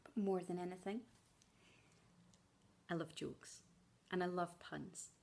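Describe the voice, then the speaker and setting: Her voice is lowish, creaky and darkish, slow in pace and fairly even in intonation, with a Scottish accent. This woman from Scotland teaches primary school and is out walking while she films a welcome video, chatting playfully to her future pupils and slipping in puns.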